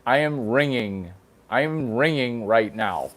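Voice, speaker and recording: A man's voice: mid-range voice, expressive, unhurried. A man vlogging in a casual, playful way, full of crude jokes and exaggerated baby talk. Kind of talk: casual vlog chatter.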